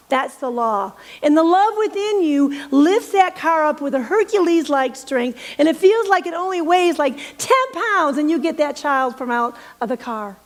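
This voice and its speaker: A woman's voice: sits high, expressive, normal speed, few pauses, in a large hall. A middle-aged woman minister giving an earnest, storytelling sermon and leading a guided prayer. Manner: earnest, storytelling, drops to soft emphatic whispers.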